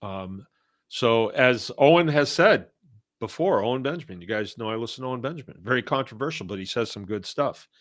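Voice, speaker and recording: A man's voice: medium pitch, lively intonation, a little fast, a bit bright, dry recording, studio quality. An older man from Massachusetts hosting a podcast, reading listener comments in casual talk with a folksy, blunt manner and frequent chuckles. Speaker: podcast host.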